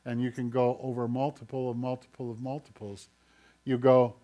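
A man preaching a sermon, swinging from urgent, raised passages to hushed, quiet ones. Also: medium pitch, level tone, moderate pace, dull audio. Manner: dramatic shifts between loud urgency and hushed quiet. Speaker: pastor.

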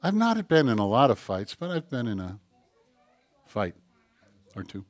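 Lively, joking middle-aged preacher. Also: male voice, medium pitch, unhurried, dry recording. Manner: animated, rhetorical questions, self-mocking humor. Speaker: pastor. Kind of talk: sermon.

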